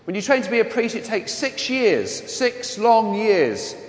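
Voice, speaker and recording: A man's voice: high voice, sing-song, measured pace. A man with a mild London accent, a Catholic priest giving a homily full of humorous, self-deprecating stories from his own life. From London, England. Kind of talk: homily with personal storytelling. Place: church. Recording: echoey church with long reverb.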